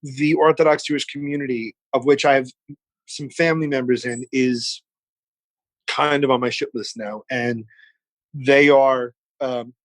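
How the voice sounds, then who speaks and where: A man's voice: mid-range voice, steady tone, unhurried, no room sound, poor audio. A man in his forties, a guest on a remote podcast, chatting animatedly and swearing freely. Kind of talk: casual chat. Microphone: remote call setup.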